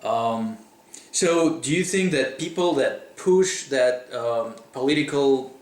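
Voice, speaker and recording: Man, Russian native speaker, interviewer, halting, filler-heavy questions, mid pitch, echoey room. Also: expressive, recorded from a distance. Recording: roomy echo.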